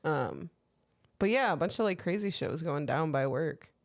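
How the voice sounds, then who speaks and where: A woman's voice: deep voice, expressive, moderate pace. Candid, profane woman co-host. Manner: candid, swearing storyteller who quotes herself. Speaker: podcast co-host. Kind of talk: casual chat.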